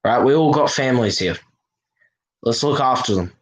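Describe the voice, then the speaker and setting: A man's voice: mid-range voice, lively intonation, a little fast, poor audio. A man hosting a casual livestream, talking earnestly and reassuringly to his viewers with lots of "you know" fillers. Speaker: livestream host.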